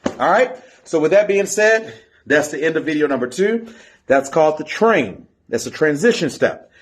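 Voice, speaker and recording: A man's voice: on the high side, animated, moderate pace. A man coaching a step team in an instructional video, counting and chanting the beat while he demonstrates. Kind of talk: instructional video teaching drills.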